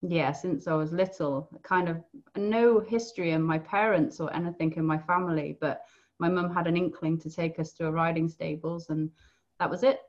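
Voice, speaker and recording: British woman, podcast guest; low-set, gentle voice, thoughtful, mildly muffled audio. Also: fairly even intonation, normal speed. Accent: British English. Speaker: podcast guest, equine coach. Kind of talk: conversational interview.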